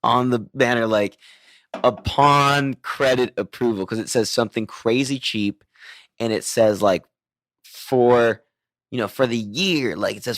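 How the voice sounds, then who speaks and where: A man's voice: medium pitch, unhurried, fairly bright tone, no room sound. A man hosting a podcast, telling a crude story with frequent swearing and laughter. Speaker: podcast host. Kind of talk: casual podcast chat.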